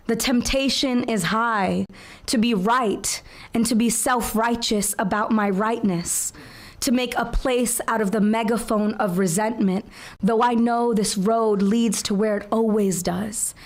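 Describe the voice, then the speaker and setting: A woman in her twenties performing spoken word poetry at an open mic, with a slow, measured, rhythmic delivery. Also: on the high side. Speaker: featured poet. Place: open mic venue with audience.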